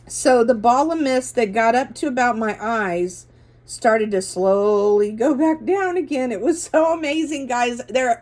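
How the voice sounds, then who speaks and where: A middle-aged woman hosting a religious video earnestly tells a rambling testimony, often correcting herself mid-sentence. Her voice is a little high with a darkish tone, and the monologue is casual.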